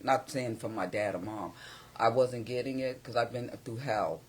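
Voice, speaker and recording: A man's voice: medium pitch, moderate pace, a little hiss or hum. An older man who is a guest on a chat show, speaking bluntly and candidly as his thoughts jump around. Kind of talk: casual chat. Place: small studio.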